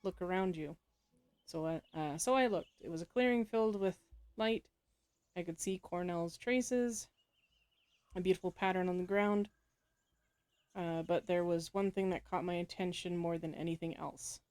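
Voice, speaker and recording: A woman's voice: on the low side, moderate pace, pauses often, a little mellow, clear, resonant tone. A woman playing a story game, reading its text aloud and adding casual comments, often laughing and correcting herself. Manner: frequent laughs and self-corrections while reading. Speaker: game player.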